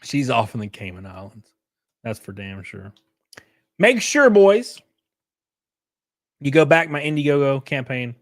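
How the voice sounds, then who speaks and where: A man's voice: medium pitch, steady tone, normal speed, fairly bright tone, no room sound, clean studio sound. A man hosting a casual livestream, reading chat and news aloud with sarcastic, swearing reactions, sounding worn out and short of breath. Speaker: streamer host.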